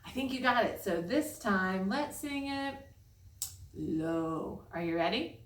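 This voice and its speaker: A woman's voice: fairly high pitch, lively intonation, moderate pace. A woman teacher leading children through a memory lesson with chants and motions, upbeat and encouraging. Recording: echoey room, voice from far off.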